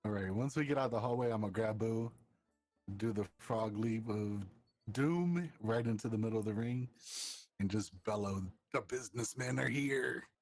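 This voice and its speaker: A man playing in an online tabletop game, calmly describing his character's moves. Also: lowish voice, moderate pace, no room sound, soft background music. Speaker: player.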